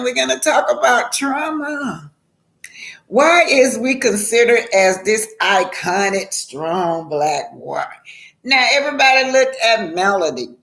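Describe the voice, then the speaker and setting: Slow-talking woman. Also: mid-range voice. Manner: warm greetings, emphatic repetition, slow drawn-out phrasing; laughs often. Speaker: vlogger. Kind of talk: casual live-stream talk.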